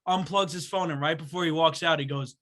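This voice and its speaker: A young man tells a long story on a casual podcast and does the voices of everyone in it. His voice is bright and a touch high. He talks the way you would with friends. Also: brisk. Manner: animated storyteller acting out voices. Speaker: podcast co-host. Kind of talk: casual chat.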